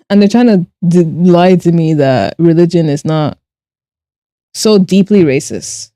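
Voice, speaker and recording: A woman streamer who talks casually while drawing and reads her chat aloud. She is animated, laughs often and swears bluntly. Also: lowish voice, no echo, studio quality. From Nigeria and Ireland. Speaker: streamer and artist.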